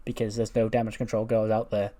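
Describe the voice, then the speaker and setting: A man's voice: fairly low pitch, flat delivery, fast, mellow. A man narrates his simulated wrestling show in a casual let's-play style. He is loose and chatty, dropping the odd swear word as he recaps matches. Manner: loose, chatty, mildly profane. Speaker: game channel host.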